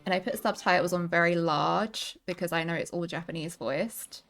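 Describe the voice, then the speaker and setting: A woman's voice: lowish voice, normal speed, a bit bright, faint music behind. A woman streaming a game, chatting casually and giggling, a bit out of breath. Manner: chatty, giggly, self-deprecating. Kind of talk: casual gameplay commentary. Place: home, seated.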